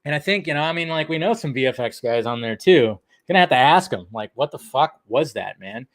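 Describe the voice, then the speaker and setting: A man's voice: fairly high pitch, animated, quick pace, fairly bright tone. A man hosting a casual movie news commentary, blunt, swearing freely and laughing often.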